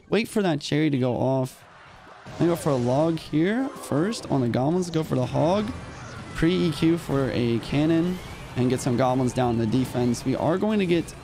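A young man streaming a mobile game, calling out each move in quick play-by-play while a little short on sleep. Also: medium pitch, noisy background. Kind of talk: live gameplay commentary.

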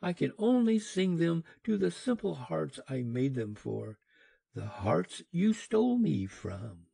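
A man voicing a sad, fading dream spirit that speaks in a mournful, pleading way, raised well above his usual pitch. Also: very animated, takes it slowly, vocal fry, warm tone, breathy edge, no echo, exaggerated voice. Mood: sorrowful pleading.

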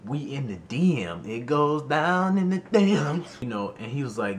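A young man telling a storytime vlog in an animated, slangy way, often exclaiming in disbelief. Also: medium pitch, moderate pace, a little hiss or hum. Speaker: YouTuber.

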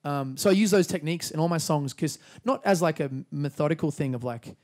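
Australian man, young adult, slightly higher pitch, rambling casual interview talk. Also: brisk. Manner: rambling, relaxed, filler-heavy. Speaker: musician guest.

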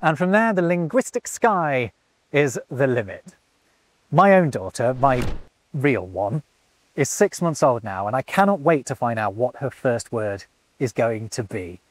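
Lively man presenting in a dry studio. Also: medium pitch, a little slow, dry recording. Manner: animated, enthusiastic explainer. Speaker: host. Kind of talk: scripted presenter narration.

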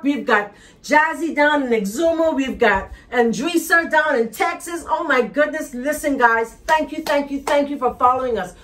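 A woman's voice: high-pitched, a bit bright. A Bahamian woman hosting a cooking show from her kitchen, chatting in a bubbly, teasing way. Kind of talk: lively cooking show chat. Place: home kitchen.

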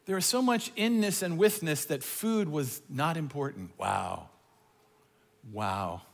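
Male preacher, fairly high voice, big reverb-heavy church hall, animated delivery that swings loud to hushed. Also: normal speed. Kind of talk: sermon. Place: church auditorium. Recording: long reverb of a large hall.

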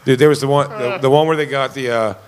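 A man's voice: mid-range voice, fairly even intonation, fast, big-room sound. A man co-hosting a casual comedy podcast, telling stories in a rambling way and acting out the screams of the people he quotes. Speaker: podcast co-host.

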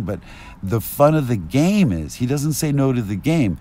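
A man rambling through an agitated street monologue, at times rising to yelling, recorded outdoors on a binaural mic. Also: medium pitch, big pitch swings, normal speed. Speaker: vlogger.

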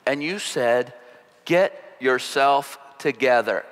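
A man voicing a wife in marriage counseling who speaks in a detached, slow voice, recorded in a reverberant hall. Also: mid-range voice, fairly bright tone. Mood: detached hurt. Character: wounded wife in counseling, detached then cheery.

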